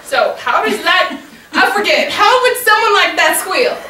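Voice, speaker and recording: A woman storyteller telling a tale in character, playful and animated, teasing her audience, recorded from afar in an echoey room. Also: very high-pitched, unhurried. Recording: echoey room, distant mic, faint noise.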